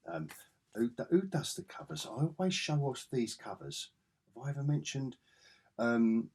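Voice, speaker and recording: A man with a husky, somewhat low voice chats eagerly about comics in a casual review vlog. He takes his time, speaking at an unhurried pace. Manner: enthusiastic, chatty.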